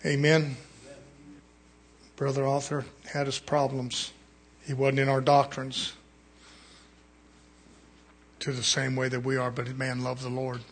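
A man preaching a fiery sermon, swinging from quiet asides to shouted peaks. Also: mid-range voice, monotone, measured pace, pauses often, breathy edge.

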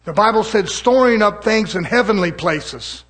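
A man's voice: sits high, lively intonation, moderate pace, fairly bright tone. A man preaching a sermon in an impassioned, folksy way, firing off rhetorical questions.

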